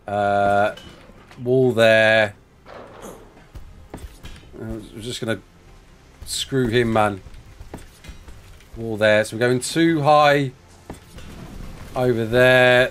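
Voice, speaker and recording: A man's voice: on the low side, fairly bright tone. A young man, from England, streaming a game live, chatting, joking and laughing while reading chat aloud.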